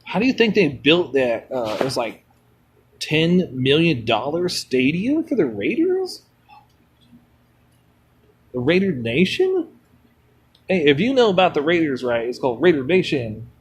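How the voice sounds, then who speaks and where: Rambling, slightly high-voiced male streamer. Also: sing-song, measured pace, long pauses, a little hiss or hum. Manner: rambling, blunt, swears freely, answers chat. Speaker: mobile game streamer. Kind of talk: rambling casual chat while gaming.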